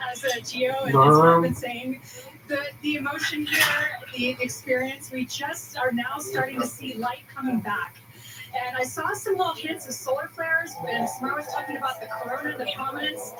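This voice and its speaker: Excited woman scientist on a live feed. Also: high voice, moderate pace, over loud music. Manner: excited, emotional, restarting often. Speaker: data scientist reporting live. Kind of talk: live news report. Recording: TV audio taped from a distance, loud noise.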